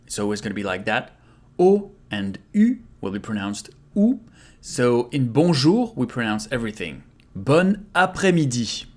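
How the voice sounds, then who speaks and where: A man with a French accent, a native French speaker, teaching a video language lesson and repeating each word slowly for learners to copy. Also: medium pitch, big pitch swings. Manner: slow, repeats words for practice.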